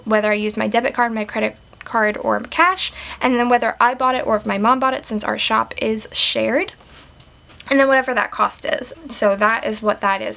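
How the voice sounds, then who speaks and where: Chatty, higher-voiced woman vlogger. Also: creaky, a bit bright. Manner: chatty, sprinkled with "like" fillers; enthusiastic. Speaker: stationery and planner vlogger. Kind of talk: casual show-and-tell chat.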